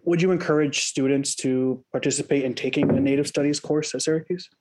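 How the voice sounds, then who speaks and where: A young man, a student interviewer, asking questions in a halting way with many fillers. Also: fairly high pitch, fairly even intonation, darkish tone, a little hiss or hum. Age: young adult.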